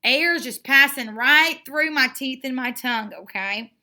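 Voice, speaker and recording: A woman teaching a children's phonics lesson, sounding out letters slowly and praising often with repeated encouragement. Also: high voice, pushed and bright. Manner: slow, drawn-out sounding out of letters; encouraging and repetitive.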